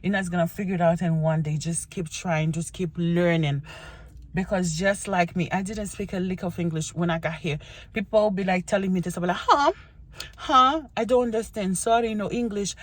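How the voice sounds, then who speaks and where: A woman's voice: fairly low pitch, fairly even intonation, a little fast, darkish tone. A young woman from Haiti with a Haitian accent, chatting casually and encouragingly as she introduces herself on her vlog. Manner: chatty and encouraging, with frequent restarts and "you know". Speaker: vlogger. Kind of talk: casual get-to-know-me vlog.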